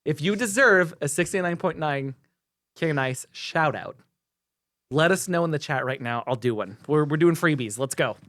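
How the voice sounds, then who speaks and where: A man co-hosting a podcast in playful casual chat. He jokes around and sometimes drops into a low mock-seductive voice for shout-outs. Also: lively intonation, moderate pace, dry recording, clean studio sound. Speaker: podcast co-host.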